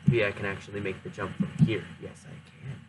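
A man giving casual, self-mocking commentary while playing a game, speaking low and softly and talking to himself. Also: steady tone, brisk, very noisy. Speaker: gameplay commentator.

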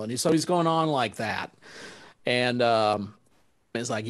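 A male saxophonist tells stories in a relaxed, animated way, laughing often as he acts out quoted lines. His voice sits at an ordinary middle pitch. The recording is dry, with no room echo. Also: measured pace. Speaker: guest musician, saxophonist. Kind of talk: casual storytelling.

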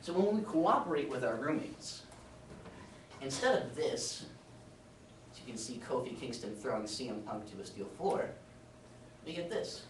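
A man's voice: medium pitch, lively intonation, normal speed, pauses often, background noise. A young man giving a classroom speech, telling a humorous personal anecdote. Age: young adult. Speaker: student speaker. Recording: roomy sound from a distant camera.

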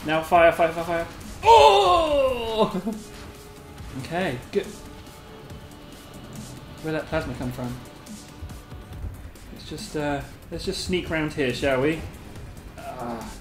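A host giving live gameplay commentary, excitable and giggly, squealing a high catchphrase, then muttering quietly to themself. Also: takes it slowly, long pauses. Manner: mutters quietly to self between bursts. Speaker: gaming video host. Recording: roomy echo, faint game music behind.

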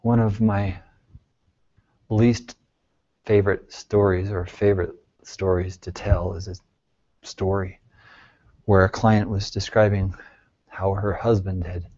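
A male therapist leading a support group, talking earnestly and reassuringly, moving between soft, hushed phrases and emphatic bursts and asking the group many questions. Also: sits low, little pitch movement, slow, pauses often. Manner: pleading, reassuring, asks the group frequent questions. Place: group session room. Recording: dull lo-fi recording.

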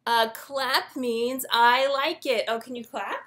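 Slow, sing-song children's librarian woman. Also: fairly high pitch, noisy background. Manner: gentle, sing-song, inviting kids to join in. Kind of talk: reading a picture book aloud to young children.

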